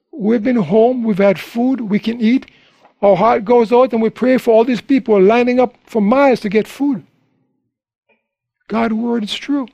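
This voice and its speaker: High-voiced preacher, dry sound. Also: male voice, vocal fry, dark tone, husky, no echo. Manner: storytelling preacher, rising to high emphatic peaks. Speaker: pastor. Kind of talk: sermon.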